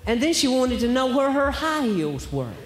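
A man's voice: extremely high pitch, very animated, moderate pace. A man performing a stand-up comedy routine on stage, telling wry stories and asking rhetorical questions. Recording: echoey hall, faint background noise.

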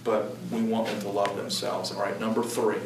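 A man earnestly talking about Christian parenting in a halting, emphatic way. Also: lowish voice, flat delivery. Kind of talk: conversational talk. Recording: echoey room, distant mic, background noise.

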